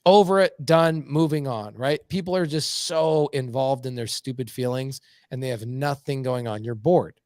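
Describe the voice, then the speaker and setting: A middle-aged man telling blunt, animated stories as a podcast guest. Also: mid-range voice, moderate pace, few pauses, no room sound, clean studio sound. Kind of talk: casual podcast conversation.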